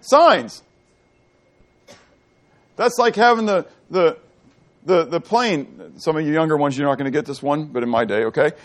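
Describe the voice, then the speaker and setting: A middle-aged man preaching a sermon, asking the congregation questions and answering them himself, moving between loud and quiet delivery. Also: a little high, normal speed, pauses often. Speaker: pastor. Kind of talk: sermon teaching.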